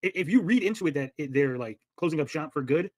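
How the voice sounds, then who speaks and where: A man's voice: fairly high pitch, animated, quick pace, dry recording. A man hosting a livestream, arguing heatedly and swearing as he reacts to clips. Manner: heated, argumentative, swears a lot. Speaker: livestream commentary host. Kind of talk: casual profane stream commentary.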